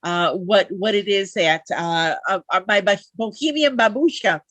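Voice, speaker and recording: A woman's voice: medium pitch, moderate pace, a bit bright, no room sound. Heartfelt woman hosting a live chat. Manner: heartfelt, lots of fillers and restarts. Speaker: talk show host.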